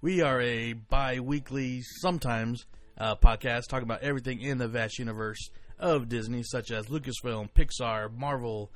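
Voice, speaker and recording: A man's voice: mid-range voice, normal speed, fairly bright tone, no room sound. Rambling, joking man hosting a podcast. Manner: rambling, joking, lots of fillers. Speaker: podcast co-host. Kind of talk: casual podcast chat.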